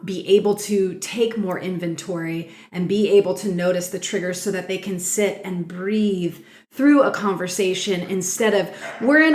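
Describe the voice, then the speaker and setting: A woman's voice: mid-range voice, roomy sound. A woman hosting a podcast, musing thoughtfully and trailing off with "um" and "I guess" as she shares her views. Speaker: podcast host. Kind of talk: casual interview chat.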